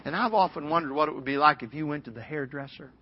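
A man preaching a revival sermon in a folksy, storytelling way, rising to loud peaks and dropping to a hush. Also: on the high side, fast talker. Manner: swings from loud shouting peaks to hushed near-whisper. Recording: dull lo-fi recording.

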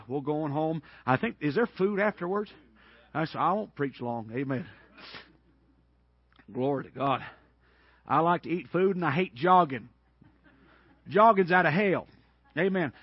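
A man's voice: a little high, breathy edge, dry recording, lo-fi sound. A man preaching a Baptist sermon in a folksy, emphatic way, dropping frequent amens.

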